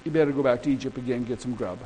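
A man's voice: medium pitch, very fast, mellow, voice pushed down, close to an everyday voice, rough recording. Male preacher voicing a weary, resigned old father, folksy and casual. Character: weary old father sending his sons off.

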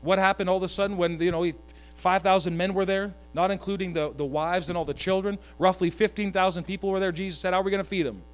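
A man with a high voice preaches a lively sermon, cracking jokes and asking his listeners to say lines back to him. A steady mains hum sits behind his voice. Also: fast talker, smooth. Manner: animated, joking asides, calls for congregation to repeat. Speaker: pastor.

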